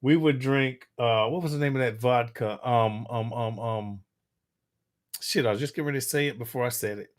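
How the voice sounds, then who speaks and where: A man's voice: medium pitch, normal speed. A middle-aged man hosting a casual livestream, reading viewer comments aloud and answering them with loose, crude jokes and frequent laughter. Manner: loose and joking, crude humor, laughs often. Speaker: livestream host reading chat.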